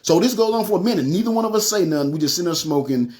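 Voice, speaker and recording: Fast-talking man telling his testimony. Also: high-pitched. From North Memphis. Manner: animated, repeats "you know what I'm saying". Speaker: testimony speaker. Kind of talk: personal testimony storytelling.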